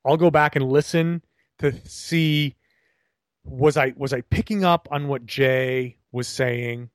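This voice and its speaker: A man's voice: medium pitch, takes it slowly, no room sound, studio quality. A man co-hosting a podcast, talking animatedly in long rambling turns with many restarts, joining remotely. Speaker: podcast co-host. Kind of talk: casual podcast conversation. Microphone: remote call.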